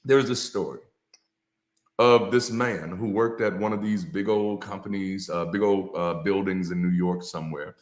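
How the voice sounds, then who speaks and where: A man's voice: deep voice, moderate pace. Echoey preacher-style man, repeats his points. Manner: preacher-like cadence, repeating key phrases; casual, with slang and swearing. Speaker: ex-pastor and co-host. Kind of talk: motivational talk with storytelling. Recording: echoey room.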